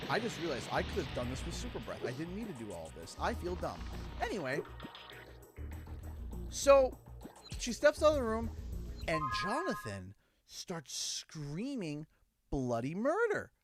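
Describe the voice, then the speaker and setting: A man with a Canadian accent hosting a livestream in casual chat, telling stories with lively voiced-out quotes. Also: fairly high pitch, moderate pace, long pauses. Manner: animated storyteller, acts out quotes. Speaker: livestream host. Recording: game music playing underneath.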